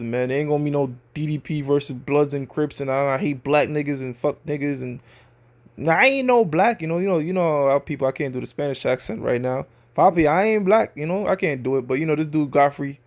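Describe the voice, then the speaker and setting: A man's voice: mid-range voice, mellow. A man teaching scripture in a loose, slangy, conversational way, often checking in with his listeners. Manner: slangy street talk. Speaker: religious teacher.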